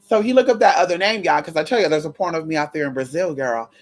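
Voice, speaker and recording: A woman's voice: low voice, fast talker. A woman vlogger telling a brash, profane story straight to her viewers in a chatty way. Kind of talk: storytime chat to camera.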